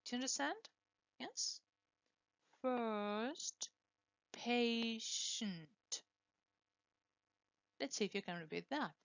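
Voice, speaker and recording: A woman teaching English pronunciation, slowly and deliberately modelling words for students to repeat. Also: a little high, animated, a bit bright, no echo, lo-fi sound. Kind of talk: pronunciation lesson with drills.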